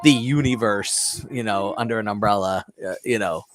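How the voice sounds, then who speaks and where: A man co-hosting a casual movie review podcast, talking in a lively way with stumbling restarts. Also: fairly low pitch, moderate pace. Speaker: podcast co-host.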